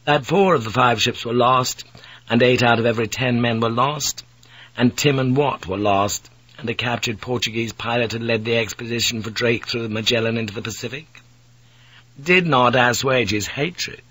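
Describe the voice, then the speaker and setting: A man narrates an audiobook in a measured, dramatic storytelling manner. His mid-range voice is fairly bright and husky, recorded with no echo but poor audio quality.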